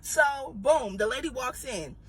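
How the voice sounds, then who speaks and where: A woman's voice: on the high side, expressive, unhurried, slightly rough. A woman retail worker telling a blunt, exasperated story and swearing for a storytime video.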